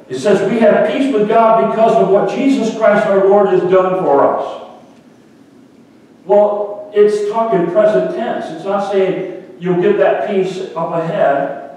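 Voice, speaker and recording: A man with a fairly high voice preaches a sermon, turning to his listeners now and then with direct questions. His voice rings through a long, echoing hall, and he sounds set back from the microphone. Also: a little slow, darkish tone, far from the mic. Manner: storytelling preacher, addresses congregation directly. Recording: echoey hall, speaker off the mic.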